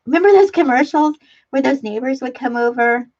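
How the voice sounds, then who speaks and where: A woman's voice: high voice, expressive, a little fast, darkish tone. A middle-aged woman hosting a casual live stream, chatting and reading comments aloud, laughing often. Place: home craft room. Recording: dull lo-fi live-stream audio.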